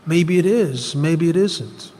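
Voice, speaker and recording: A man's voice: fairly high pitch, lively intonation, slow pace, mellow. A man voicing a poor little old farmer who shrugs off fortune, with a slight put-on Yiddish lilt. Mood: calm. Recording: long hall reverb.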